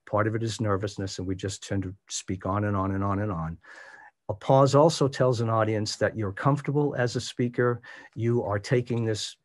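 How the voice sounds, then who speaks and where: A man leading an online workshop as a voice coach, speaking in a measured, demonstrative way and varying his pitch for emphasis. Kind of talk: instructional presentation. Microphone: video call.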